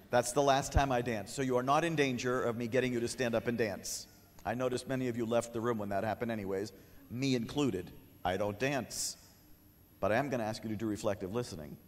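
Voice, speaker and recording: Man lecturing in a reverberant hall. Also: medium pitch. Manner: humorous, animated, acts out a kid's lines. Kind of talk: conference lecture. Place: conference hall.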